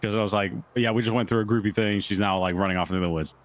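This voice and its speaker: In a roleplay game, a man recounts events in a rambling way, stuffed with likes and uhs. His lowish voice holds a steady tone while he races along.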